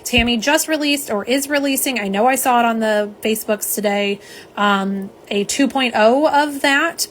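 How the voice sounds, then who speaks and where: Her voice is fairly high, with a little hiss or hum in the recording. On her live nail polish stream, she keeps things chatty and casual, speaks directly to viewers as "y'all," and reads their comments aloud to respond.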